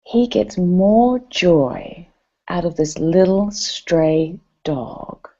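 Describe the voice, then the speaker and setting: A middle-aged woman tells personal stories to an audience, animated and chatty. Her voice sits low and sounds warm and relaxed. The recording is dull and lo-fi. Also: extremely slow. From New Zealand. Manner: animated, expressive, chatty with fillers. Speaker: event speaker. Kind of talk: personal storytelling talk.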